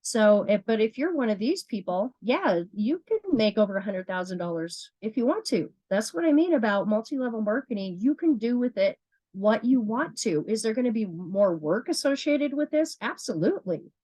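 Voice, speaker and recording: A woman's voice: on the high side, lively intonation, moderate pace, warm tone, no echo, poor audio. A woman leading a motivational business training, earnest, often repeating herself and asking herself questions as she talks. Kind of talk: motivational sales training talk.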